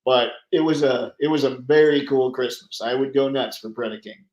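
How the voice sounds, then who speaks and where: A man's voice: mid-range voice, moderate pace, a little mellow. Man, live stream host, casual rambling chat, mid-range voice, roomy echo. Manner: chatty, rambling, laughs easily. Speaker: livestream host. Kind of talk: casual live chat reading viewer comments.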